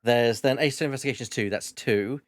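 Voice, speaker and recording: A man's voice: medium pitch, fast talker, no room sound. A man hosting a casual stream chat, talking hesitantly with fillers and laughs. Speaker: streamer host.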